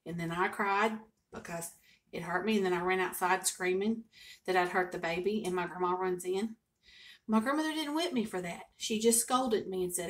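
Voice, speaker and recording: An older woman, a home cooking vlogger chatting and telling a family story to camera in a folksy, expressive way. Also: mid-range voice, moderate pace.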